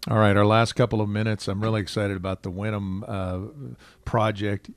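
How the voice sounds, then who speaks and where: A man's voice: fairly low pitch, level tone, fairly quick, no echo. A man co-hosting a radio talk show, upbeat, praising and prompting the main host.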